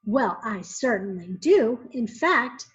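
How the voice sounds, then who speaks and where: Figure: a kind, calm grandmother who speaks gently and quietly, done by a woman reading a storybook. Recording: muffled and lo-fi. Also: on the high side, takes it slowly. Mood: gentle.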